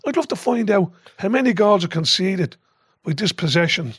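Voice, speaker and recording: Guest: older Irish man, high-pitched and animated, sweary storyteller, dry close mic. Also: normal speed, husky, no echo. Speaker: podcast guest, former football manager. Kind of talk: casual storytelling chat.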